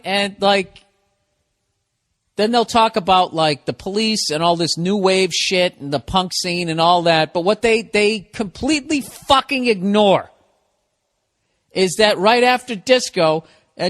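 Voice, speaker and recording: A man's voice: high voice, a bit bright. A man in his forties from the United States, hosting a solo comedy podcast and ranting in a rambling, profane way. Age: 40s. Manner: talks back to himself and his dog. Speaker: podcast host.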